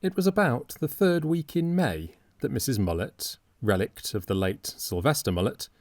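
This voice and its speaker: A man narrating an audiobook in a measured, wry storytelling manner. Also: mid-range voice, big pitch swings, dry recording, studio quality.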